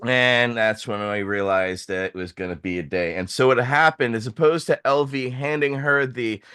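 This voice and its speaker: Animated man telling a story. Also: medium pitch, moderate pace, clean tone. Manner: animated, swearing, acts out quoted voices. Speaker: host. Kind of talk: casual storytelling.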